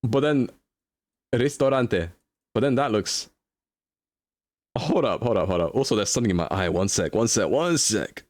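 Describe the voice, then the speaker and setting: A man's voice: fairly low pitch, expressive, moderate pace, pauses often, darkish tone, no room sound. A young man streaming live, chatting casually as he thinks aloud through a guessing game and answers his chat.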